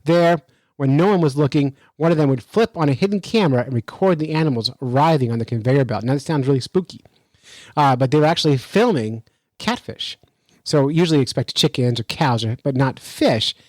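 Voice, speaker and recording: A man hosting a fishing podcast, telling a story in an animated, chatty way and reading news out with his own remarks. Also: mid-range voice, fairly quick, no echo, low-quality recording. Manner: animated, chatty, laughs while telling stories. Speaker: podcast host. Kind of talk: casual storytelling and news commentary.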